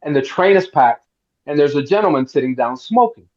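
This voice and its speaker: A middle-aged man from Miami, fairly high-pitched, spins a long story at a roundtable and slips into the voices of the people in it. The sound is a little dull and lo-fi. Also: a little fast. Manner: animated storyteller, acts out quotes. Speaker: actor guest.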